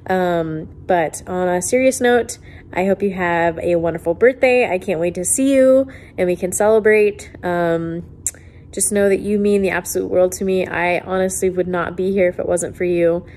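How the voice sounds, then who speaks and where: A woman close friend giving a playful and deeply earnest birthday message. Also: normal speed, a little mellow. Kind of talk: recorded video message.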